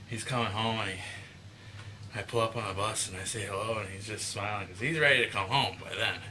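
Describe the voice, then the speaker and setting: A man's voice: fairly low pitch, brisk, bright, forceful tone, slight background noise, rough recording. Chatty man vlogging at home. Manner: rambling, self-correcting, chatty. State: out of breath. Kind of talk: casual vlog talk to camera. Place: inside a house.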